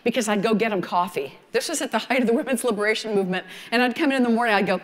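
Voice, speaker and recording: A woman in her sixties with a Southern American accent, telling her story at a photography conference in a folksy, animated way. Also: fairly high pitch, racing, big-room sound. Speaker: photography speaker. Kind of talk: conference talk.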